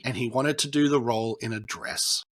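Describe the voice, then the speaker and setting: Young guy rambling about movies on a podcast, lots of likes and ums, ordinary pitch. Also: a little fast, a bit bright. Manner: rambling, storytelling, many fillers. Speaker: podcast co-host. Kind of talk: casual film chat.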